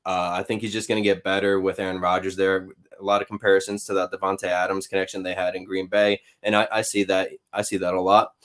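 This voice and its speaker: Low-voiced, measured male sports analyst. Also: little pitch movement, fairly bright tone. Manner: measured, analytical, frequent hesitations. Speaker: podcast guest, team fan analyst. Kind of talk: casual sports podcast analysis.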